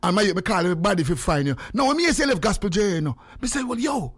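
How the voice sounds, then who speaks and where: A high-voiced Jamaican man hosts a casual radio show. He talks in heavy patois, animated and teasing, and his tone sits well above most men's. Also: rapid-fire, breathy edge. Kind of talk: casual on-air chat.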